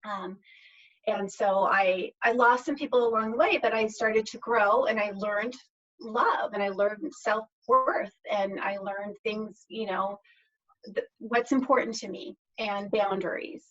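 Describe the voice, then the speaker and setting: A woman's voice: medium pitch, fairly even intonation, unhurried, a bit bright. An earnest middle-aged woman telling her own story as a podcast guest, reflective and often circling back to restart a phrase. Her voice sits in an ordinary middle range for a woman. The audio is a little dull and lo-fi. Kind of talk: personal storytelling in a podcast interview.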